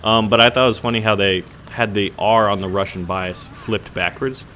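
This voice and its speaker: A man's voice: on the low side, steady tone, moderate pace, pushed and bright, slight background noise. A man hosting a gaming channel, chatting casually over his gameplay in a rambling, joking way with lots of fillers and restarts.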